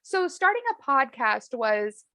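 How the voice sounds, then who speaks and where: Higher-voiced woman chatting and acting out stories, bouncy, dry close sound. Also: measured pace, dry recording. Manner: animated, acts out dialogue in lively voices. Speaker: podcast host, guest. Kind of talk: casual storytelling chat.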